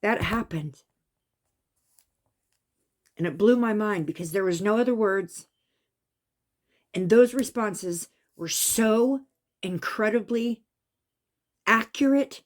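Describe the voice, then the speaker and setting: A woman's voice: mid-range voice, takes it slowly, long pauses. Emphatic woman telling a spooky story. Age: adult with a son. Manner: animated, emphatic, raising voice at tense moments. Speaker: vlogger recounting a psychic experience. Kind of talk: casual storytelling monologue.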